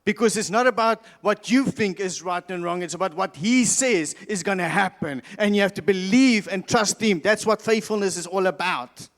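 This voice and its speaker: Speaking from a big church's stage, this South African pastor delivers his sermon in a high, lively voice at normal speed with few pauses. He is emphatic, repeats his main lines, and frequently trips up and restarts, and the hall adds a long reverb.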